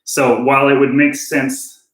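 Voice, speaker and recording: A man's voice: mid-range voice, measured pace, slight background noise. A man giving a casual drum lesson, thinking aloud and joking at his own mistakes. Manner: relaxed, self-deprecating, thinking aloud. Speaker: drum teacher. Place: room with drum kit and click track. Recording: roomy, with drumming and clicks.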